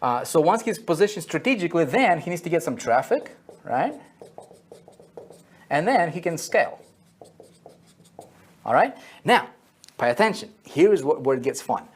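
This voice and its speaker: A man's voice: a little high, sing-song, moderate pace, long pauses, husky. A man teaching an online marketing lesson at a whiteboard, repeating key phrases and checking in with "okay?" and "right?" after each point.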